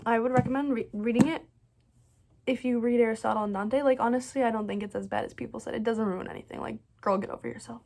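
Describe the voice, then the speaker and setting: Fast, creaky and mellow, a woman's fairly high voice stays fairly even in intonation as she chats casually about books she loved in a reading wrap-up. The book vlogger gushes bubbily with lots of "like" and "so good," rambling and restarting sentences often.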